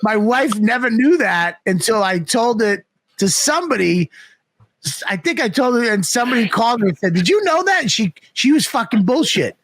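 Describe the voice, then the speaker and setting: A middle-aged man telling animated, profane stories on a comedy podcast. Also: sits high, moderate pace, no room sound. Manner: animated, profane, acts out voices in his story. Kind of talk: casual storytelling on a comedy podcast.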